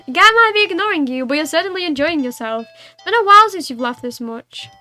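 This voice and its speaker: A woman's voice: extremely high pitch, lively intonation, quick pace, sharp tone, faint music behind. A young woman streaming a game, reading its text aloud and chatting, playful and giggly with cat-like meows.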